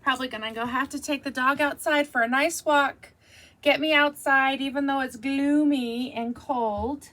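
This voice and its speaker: A woman's voice: high voice, steady tone, normal speed, fairly bright tone. A woman hosting a quilting tutorial, wrapping up in a chatty, easygoing, self-deprecating way. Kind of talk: casual tutorial chat.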